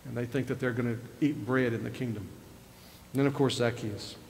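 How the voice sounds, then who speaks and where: A man's voice: mid-range voice, steady tone, brisk, creaky, darkish tone, a little hiss or hum. An older man preaching a sermon as pastor, retelling scripture in a conversational way with rising emphasis. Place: church sanctuary. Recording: reverberant church hall with faint ambience.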